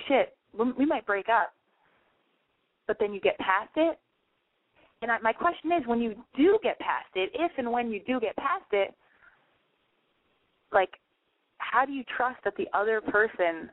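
A woman's voice: medium pitch, no room sound. A woman hosting a casual talk show, rambling frankly and swearing as she asks listeners questions. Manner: chatty, rambling, frank and profane. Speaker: podcast host. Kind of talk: casual confessional monologue. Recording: tinny phone-line sound, dry.

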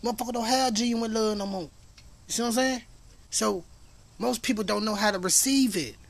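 A man's voice: sits high, normal speed, vocal fry. A man hosting a podcast in a casual monologue, emphatic, profane and preachy, rambling as he goes. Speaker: podcast host.

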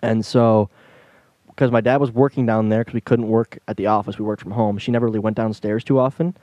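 A man's voice: lowish voice, a little fast, no room sound, highs cut off. A young man hosting a casual chat, telling funny family stories with lots of laughter. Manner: animated storyteller, laughs while telling stories. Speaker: podcast host.

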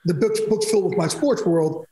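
A man's voice: high-pitched, moderate pace, warm tone, roomy sound, low-quality recording. A man telling personal stories as a podcast guest, emphatic and rambling, restarting sentences often. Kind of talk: candid storytelling in a podcast interview.

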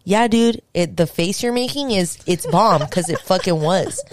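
A young woman hosting a podcast, telling a story in casual chat, animated and swearing, acting out what people said. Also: on the low side, normal speed, no echo. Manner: animated, swearing, acts out quotes. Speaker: podcast host.

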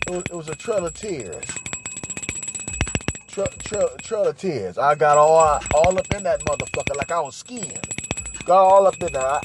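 A man hosting a podcast, telling a crude story in a boastful, profane way, repeating phrases and slipping into singsong. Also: fairly high pitch. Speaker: podcast host.

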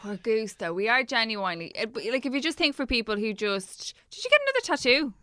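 A young Irish woman co-hosting a casual chat, gossipy and chatty. Her voice is bright and crisp, a little high, and recorded dry and close. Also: sing-song, fast, no echo. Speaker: podcast co-host.

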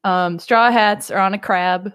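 A woman's voice: mid-range voice, fairly even intonation, a bit bright, clean tone. A young woman co-hosting a podcast, chatting casually and giggling while rambling through a recap. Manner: giggly, rambling, quick bursts of laughter. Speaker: podcast co-host. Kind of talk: casual chat recapping an anime.

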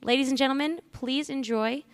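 A woman's voice: high-pitched, steady tone, normal speed. Chatty upbeat young woman hosting. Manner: chatty, upbeat and candid, with casual swearing. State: morning voice. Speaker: podcast host. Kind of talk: casual podcast monologue and interview.

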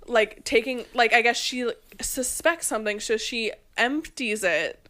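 A woman's voice: fairly high pitch, a little slow. A woman co-hosting a podcast, eagerly retelling a movie plot and acting out the characters' lines, with "like" in nearly every sentence. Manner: animated storyteller, acts out lines, heavy use of "like". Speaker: podcast co-host. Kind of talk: casual chat recapping a movie.

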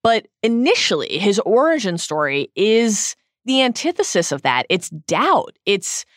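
A woman's voice: medium pitch, very animated, unhurried, dry recording. A woman co-hosting a podcast book discussion, earnest and emphatic, reading passages aloud at a close studio mic. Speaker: podcast co-host.

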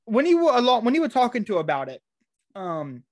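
A man hosting a casual interview, excitable and often restarting his sentences. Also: very high voice, no echo, studio quality. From United States. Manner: excitable, quick restarts and stumbles. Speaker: podcast host.

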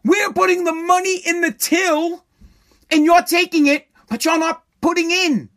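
A man's voice: very high-pitched, fairly even intonation, a little slow, a bit bright. A man ranting in a profane, sarcastic, indignant way. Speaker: ranter. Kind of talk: profane comedic rant.

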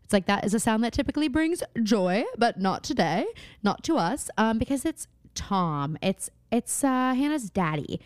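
A woman's voice: fairly high pitch, sing-song, normal speed, darkish tone, no echo, clean studio sound. A woman co-hosting a podcast, chatting casually and playfully about a TV show, riffing on jokes and laughing often. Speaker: podcast co-host. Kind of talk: casual chat recapping a TV show.

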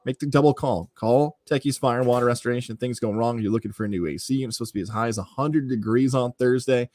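A man's voice: medium pitch, quick pace, darkish tone, dry recording. Man giving a confident sports radio rundown. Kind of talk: sports analysis and ad reads.

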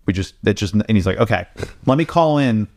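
A man co-hosting a podcast, retelling a story casually and profanely, slipping quick quoted lines into it. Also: on the low side, lively intonation, a little mellow, dry recording, studio quality. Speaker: podcast co-host. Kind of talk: casual storytelling among friends.

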